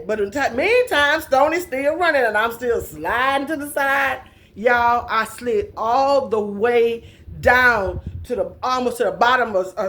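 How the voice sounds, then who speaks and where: A woman's voice: a little high, a bit bright. A woman telling a childhood story in a casual, folksy and dramatic way, laughing along as she goes.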